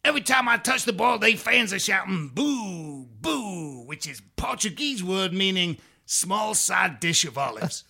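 Brief: high, bright, swaggering footballer, profane braggart. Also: male voice, expressive, unhurried, creaky, hardly any pauses, husky, exaggerated voice. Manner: swaggering, profane, shouty, mock-foreign. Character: brash boastful male footballer, swaggering. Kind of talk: comic reading of an email in character.

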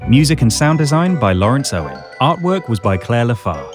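A man reading the closing credits in a measured, plain way. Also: medium pitch, sing-song. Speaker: announcer. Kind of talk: read credits. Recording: music under the voice.

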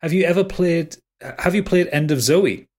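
A man's voice: on the high side, moderate pace. A man co-hosting a casual gaming podcast, with wry, playfully exaggerated remarks. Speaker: podcast co-host. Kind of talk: casual chat.

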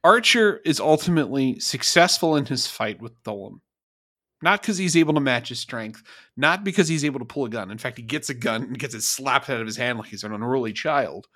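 A man co-hosting a podcast, recapping a TV episode in animated, laughing, profane casual chat. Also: medium pitch, fairly quick. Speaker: podcast co-host.

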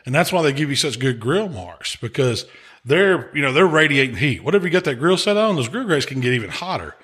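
A man, hosting a casual podcast chat in a relaxed drawl and chuckling often. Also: mid-range voice, fairly quick, husky. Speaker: podcast host, pitmaster.

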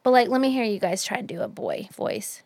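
A woman's voice: medium pitch, sing-song, brisk, darkish tone, no echo. A woman co-hosting a casual podcast chat with friends, talking in chatty bursts that often restart mid-sentence. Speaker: podcast co-host.

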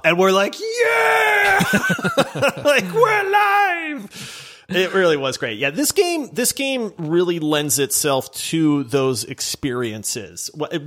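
A man co-hosting a gaming podcast, telling stories from play sessions in a lively, animated way. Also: fairly high pitch. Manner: animated storytelling, bursts of shouting when reliving wins. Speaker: podcast co-host. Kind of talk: casual gaming podcast chat.

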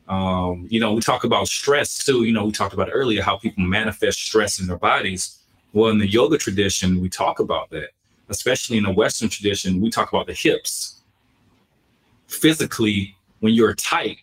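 A man co-hosting a podcast interview, talking in a halting way with many fillers and restarts. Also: on the low side, a bit bright, rough recording. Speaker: podcast co-host. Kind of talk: conversational interview.

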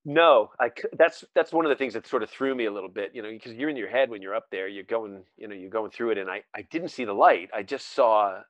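A man's voice: on the low side, quick pace, hardly any pauses, no room sound, lo-fi sound. A man hosting a podcast, chatting casually and telling stories, with lots of fillers and restarts that break up his sentences. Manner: rambling, self-interrupting storyteller with many fillers. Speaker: podcast host. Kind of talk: casual chat. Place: Scotland.

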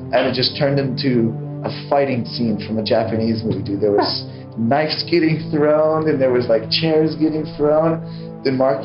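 Laid-back, slangy male musician telling stories. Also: mid-range voice. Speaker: band vocalist. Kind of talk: casual interview storytelling. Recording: archival interview, roomy and dull with music.

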